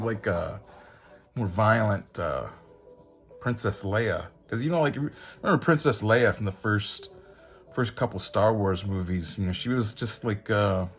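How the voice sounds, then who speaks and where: Rambling, chuckling man reviewing comics. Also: on the low side. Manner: rambling, chuckling, full of fillers. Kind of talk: casual commentary.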